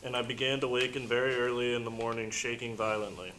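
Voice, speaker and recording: A man reads a passage aloud to a class, steady and unhurried, with no dramatics. There is a faint layer of background noise around his voice. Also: mid-range voice, low-quality recording. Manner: steady, plain reading. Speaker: class reader. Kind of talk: reading a text aloud.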